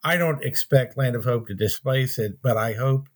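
A man, an author answering interview questions thoughtfully, in a halting way with many pauses and restarts. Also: mid-range voice.

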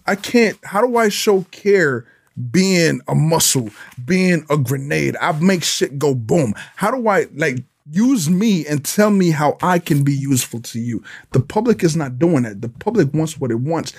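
A man's voice: fairly high pitch, expressive, measured pace, husky. A man, a police sergeant from Honduras, talks emphatically in an interview, repeating pointed questions and acting out mock exchanges. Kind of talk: animated interview talk.

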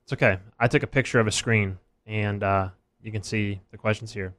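A man hosting a casual sports podcast, talking in quick, animated bursts and joking at his own expense. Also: lowish voice. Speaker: podcast host.

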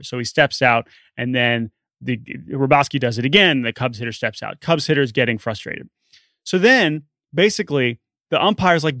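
A man co-hosting a sports podcast, telling a story in an animated, chatty way. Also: a little high, normal speed, no room sound. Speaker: podcast co-host. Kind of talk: casual sports podcast chat.

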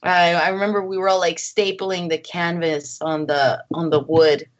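A woman filmmaker chatting as an interview guest, lively and full of acted-out quotes and laughter. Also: lowish voice, normal speed, lo-fi sound. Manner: animated, acts out quotes, laughs often. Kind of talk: casual interview chat. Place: home.

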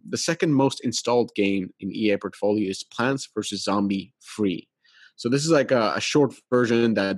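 A man hosting a podcast, reading an article aloud and adding his own relaxed commentary, with restarts and small laughs. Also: fairly low pitch, no echo. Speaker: podcast host.

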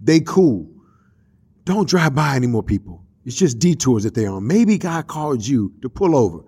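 A man hosting a church radio talk show, telling a story with animated, preacherly energy and street slang. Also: medium pitch, normal speed, husky.

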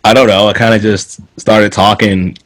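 A young man from North Carolina telling stories in casual chat, animated, laughing often and swearing freely. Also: on the low side, moderate pace, no room sound, low-quality recording.

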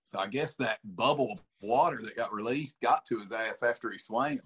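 A man's voice: lowish voice, moderate pace, a bit bright, breathy edge. A man as a guest in a casual chat, easygoing, swearing and calling people dude and buddy.

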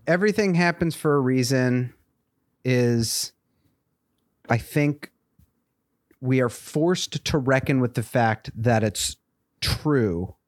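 A man co-hosting a podcast in casual chat, rambling with many fillers and restarts. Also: medium pitch. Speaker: podcast co-host.

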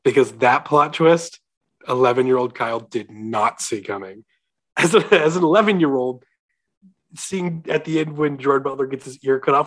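Animated young man chatting about a movie. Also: fairly high pitch, moderate pace. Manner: animated, laughing, quoting characters. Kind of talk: casual movie chat.

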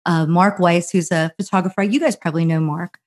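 A middle-aged woman from New Jersey telling a long story as a guest, animated and full of fillers, acting out other people's quotes. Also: lowish voice, brisk. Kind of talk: casual anecdotal storytelling.

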